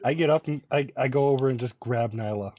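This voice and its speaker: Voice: mid-range voice, brisk. A player at a tabletop role-playing game who laughs often and talks in an easygoing way. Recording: dull lo-fi mic.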